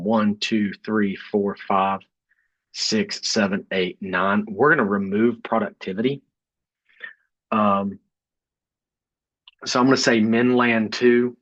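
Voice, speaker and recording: Male instructor, low and slightly husky, casual step-by-step screencast delivery, dry muffled recording. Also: no echo. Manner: relaxed, thinks aloud with frequent fillers. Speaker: statistics instructor. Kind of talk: screen-recorded coding lesson.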